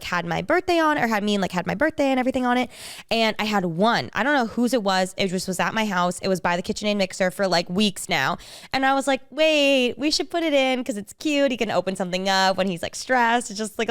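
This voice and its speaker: Woman co-host gushing thru a story, smooth clear voice, dry close mic. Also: mid-range voice, no echo. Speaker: podcast co-host. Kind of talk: casual chat.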